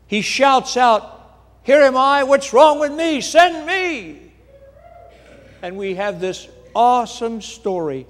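A pastor with a high, light man's voice delivers a sermon with dramatic emphasis. His words ring out through a church hall with a long echo trailing behind each phrase. He leans into the big moments with force. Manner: dramatic, emphatic scripture retelling. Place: large church sanctuary.

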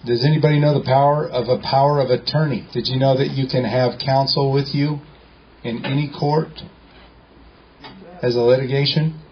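A man's voice: medium pitch, steady tone, moderate pace, highs cut off, slight background noise. A man telling a story to a live group in a joking, colloquial way, acting out the dialogue. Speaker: speaker at a meeting.

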